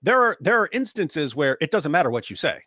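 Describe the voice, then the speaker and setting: A man's voice: on the high side, big pitch swings, fairly quick, sharp tone, no room sound, clean studio sound. Man making his case plainly. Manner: argumentative, acts out quoted speech. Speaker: co-host. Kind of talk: casual online discussion.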